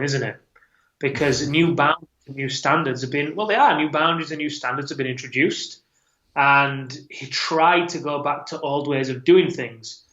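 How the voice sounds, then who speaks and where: Earnest man, fairly high voice. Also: fairly bright tone. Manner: earnest, reflective storytelling. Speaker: podcast guest, men's coach. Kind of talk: personal story told in an interview. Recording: roomy, slightly dull podcast audio.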